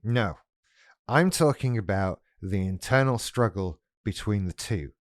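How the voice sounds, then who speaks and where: A man's voice: lowish voice, expressive, unhurried, no echo, studio quality. A man talking frankly and with self-mocking humor in a casual vlog monologue. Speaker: YouTuber.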